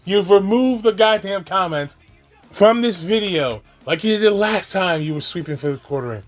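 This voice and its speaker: A man's voice: high-pitched, normal speed, soft background music. A man hosting a reaction commentary, ranting in a profane, exasperated, mocking way. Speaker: commentary host.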